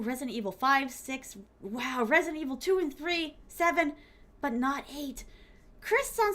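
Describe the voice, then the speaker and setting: A young adult woman talks casually to her chat while she plays a game, with a slightly high voice. She is bubbly and giggly, fills her talk with little fillers, and breaks into squeals now and then. She calls her viewers fond pet names. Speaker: streamer.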